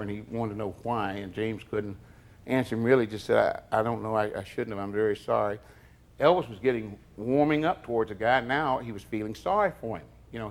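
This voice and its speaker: Animated man telling a story. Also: on the low side, creaky. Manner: animated storyteller, acts out quotes with sudden loud bursts. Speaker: interviewee, former bodyguard. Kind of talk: storytelling anecdote.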